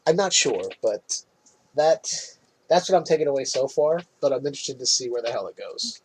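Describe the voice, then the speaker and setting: Husky-voiced man recapping a film. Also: mid-range voice, animated, moderate pace, poor audio. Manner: swears freely, laughs at his own jokes. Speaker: podcast host. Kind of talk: casual movie recap chat.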